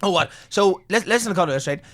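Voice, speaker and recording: A man's voice: sits high, animated, fairly quick, a bit bright. A young man co-hosting a podcast, joking and swearing in casual chat. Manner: joking, tangent-prone, swears. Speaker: podcast co-host.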